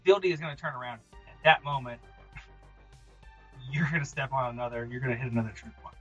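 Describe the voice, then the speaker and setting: A man narrating a tabletop game as game master, animated and quick to laugh. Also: mid-range voice. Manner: animated, laughing, hesitant fillers. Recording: dull, dry, with background music.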